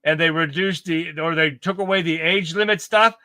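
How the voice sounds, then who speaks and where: A man's voice: on the high side, fairly even intonation, moderate pace, sharp tone, no room sound. A man hosting a live political commentary stream, reading headlines aloud and reacting bluntly with plenty of profanity. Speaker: livestream host.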